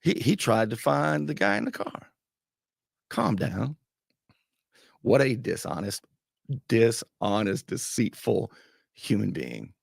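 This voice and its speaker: A male talk show host with a rough, gravelly and husky voice. He comments on a clip with biting sarcasm, his pitch swinging widely. The sound is dry and close. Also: takes it slowly, pauses often, no room sound. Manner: sarcastic, mocking, animated. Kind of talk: commentary over a played clip.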